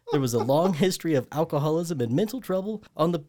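A man's voice: a little high, lively intonation, fairly quick, darkish tone, a little hiss or hum. A man hosting a casual true crime podcast, reading case notes and joking with his co-hosts. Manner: reads case notes aloud, joking between passages. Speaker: podcast host.

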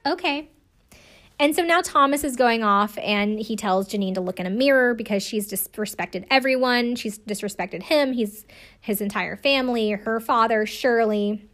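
Recapping a reality TV episode in a casual, chatty way, a show recapper swears, laughs often and leans heavily on "like." Her voice is fairly high and a bit bright, at a normal speed.

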